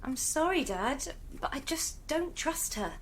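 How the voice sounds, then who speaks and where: Young woman, anxious and pleading, very high pitch, played by an actress. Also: sing-song, measured pace, slight background noise. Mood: sullen. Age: young adult. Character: frightened young woman, Jenny. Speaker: daughter. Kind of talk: audio drama acting.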